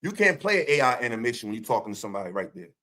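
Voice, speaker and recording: A man's voice: medium pitch, big pitch swings, rapid-fire, pushed and bright. A man hosting his own stream, delivering a profane, confrontational rant full of taunting rhetorical questions. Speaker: streamer host.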